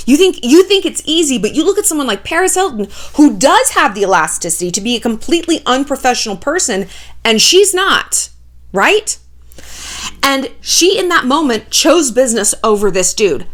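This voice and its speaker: A woman vlogger talks in a chatty, profane way, with lots of "like" as filler. Her voice sits slightly high. Her pitch jumps and dips all over as she rants in casual commentary. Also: fairly bright tone. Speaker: YouTuber commentator.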